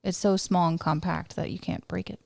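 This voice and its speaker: A woman in her thirties co-hosting a podcast, chatting casually with wry, deadpan quips. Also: on the low side, brisk, creaky, no room sound. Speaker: podcast co-host. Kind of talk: casual chat.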